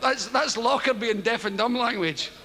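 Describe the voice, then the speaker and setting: A Scottish stand-up comedian telling rambling, profane stories with frequent chuckles. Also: male voice, extremely high pitch, normal speed, a crowd in the background. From Scotland. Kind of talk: stand-up routine. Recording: heavy background noise.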